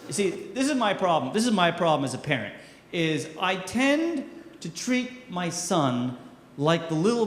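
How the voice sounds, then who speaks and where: A middle-aged man doing a stand-up comedy set, telling self-mocking stories with punchy delivery. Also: sits high. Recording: echoey hall with long reverb, faint noise.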